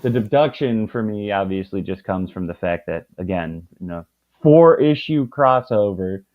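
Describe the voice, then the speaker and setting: A man's voice: fairly low pitch, animated, normal speed. A man guesting on a casual comic review chat, rambling and stumbling over his words. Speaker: guest co-host. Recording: tinny phone-like call audio.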